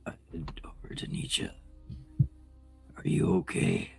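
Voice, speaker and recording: A man voicing a wounded, shaken male adventurer in whispered role-play, speaking in a hushed, rough voice as he checks on a fallen friend. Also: slow, soft background music, lightly acted. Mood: worried.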